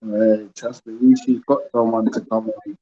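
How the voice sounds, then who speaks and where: A man's voice: fairly low pitch, level tone, normal speed, mellow, dull audio. A man chatting casually as a panel guest, laid-back and checking in with his listeners. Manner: laid-back, peppers talk with "you get me". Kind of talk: casual live panel chat.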